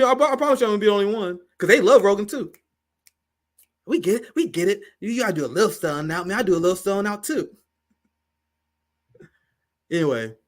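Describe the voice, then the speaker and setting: Male livestream host, high-ish voice, profane and fired up. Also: fairly bright tone. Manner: fiery, profane, emphatic ranting. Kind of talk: livestream political commentary.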